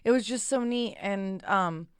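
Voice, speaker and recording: A woman's voice: medium pitch, unhurried, clear, resonant tone, no room sound, studio quality. A young adult woman co-hosting a casual podcast chat, rambling and laughing easily. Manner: chatty and rambling, laughs often. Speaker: podcast co-host.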